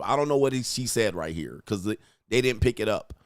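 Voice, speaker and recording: A man's voice: lowish voice, animated, fairly quick, dry recording. Blunt, crude man mocking on a dry mic. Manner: blunt, crude, mocking, acts out quoted voices. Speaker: host reacting to video clips. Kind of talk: profane commentary on relationships.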